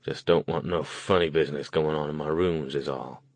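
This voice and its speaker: A gruff, suspicious old motel keeper, read by a man, speaking bluntly in folksy rural talk. The voice sits very deep and is recorded dry and close, like an audiobook character voice. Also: fairly even intonation, normal speed, no room sound.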